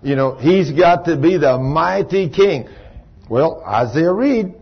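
A male preacher tells a story in a sermon, his pitch swinging widely as he throws questions at the congregation. His voice is husky and breathy. The recording sounds dull and lo-fi. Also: animated, slow pace.

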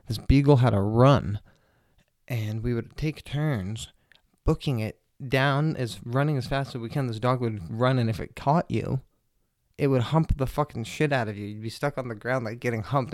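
A man's voice: medium pitch, a little mellow, dry recording, studio quality. A young man hosting his own podcast, telling loose, profane, jokey stories in a casual rambling monologue. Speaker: podcast host.

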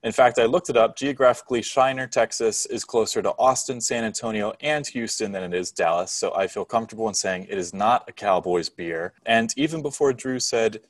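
Deep-voiced man arguing, off-mic. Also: brisk, few pauses, no room sound, far from the mic. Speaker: podcast co-host. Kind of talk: casual banter.

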